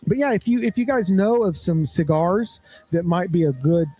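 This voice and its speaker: A man's voice: sits high, lively intonation, normal speed, dark tone, slightly rough, faint music behind. A man co-hosting a podcast, chatting casually and cracking jokes. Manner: jokey, chatty, puts on mock accents. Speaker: podcast co-host. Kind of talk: casual chat.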